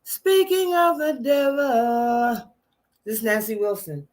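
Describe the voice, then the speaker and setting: A woman hosting her own channel, singing slow jazz ballads a cappella at home and chatting to viewers between songs. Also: fairly high pitch, animated, darkish tone. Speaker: channel host and singer. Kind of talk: a cappella singing with casual chat.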